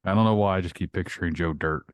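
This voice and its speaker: A man's voice: sits low, fast, clean tone, no echo, clean studio sound. A man hosting a podcast, ranting bluntly with lots of swearing in casual chat. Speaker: podcast host.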